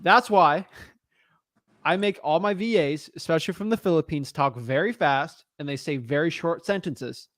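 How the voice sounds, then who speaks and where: A man's voice: a little high, moderate pace, fairly bright tone, no echo, clean studio sound. A man coaching a newcomer on a call, blunt and frank, calling him man and dude. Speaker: real estate wholesaling coach.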